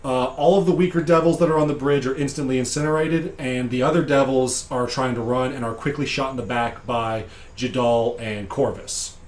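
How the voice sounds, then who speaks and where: A man with a deep voice casually recapping a tabletop game session as game master, digressive and laughing often. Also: steady tone, a little fast, echoey room.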